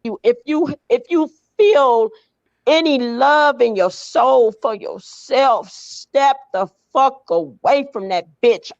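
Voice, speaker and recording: A woman's voice: high-pitched, dry recording, lo-fi sound. A woman speaking as a mother to her grown daughter, blunt and profane, pleading and scolding by turns. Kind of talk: emotional direct address.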